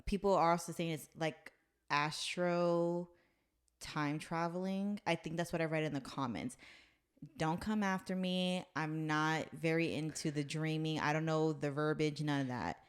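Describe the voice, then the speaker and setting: A woman's voice: deep voice, fairly even intonation, measured pace, clean tone. A woman hosting a casual chat, retelling a story in a loose, rambling way with some swearing. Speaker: podcast host.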